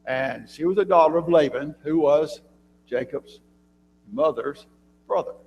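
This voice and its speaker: Speaking a little slowly in a fairly high, slightly mellow voice, a man runs a church Bible class in a conversational way, frequently posing questions to his listeners. His talk is full of throat clearing and restarts, set in a church room with long reverb and a faint hum.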